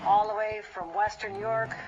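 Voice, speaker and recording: Woman, governor, formal press statement, measured delivery, dull clip, background noise. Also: medium pitch, steady tone. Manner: measured, deliberate.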